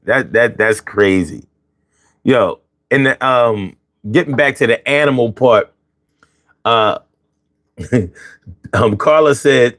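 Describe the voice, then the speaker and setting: Brief: easygoing male podcast host, casual and a bit halting. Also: medium pitch, dry recording, clean studio sound. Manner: relaxed, hesitant, many fillers. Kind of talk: casual chat.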